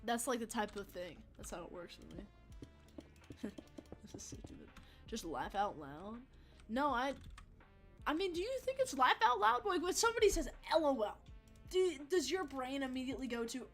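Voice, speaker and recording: A young woman with a fairly high voice talks loosely to her chat while she plays, drifting between thoughts, cursing freely and breaking into laughs. Faint game music runs quietly behind her. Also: expressive, moderate pace. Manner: rambling, swears a lot, laughs often. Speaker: game streamer. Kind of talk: casual livestream chat over gameplay.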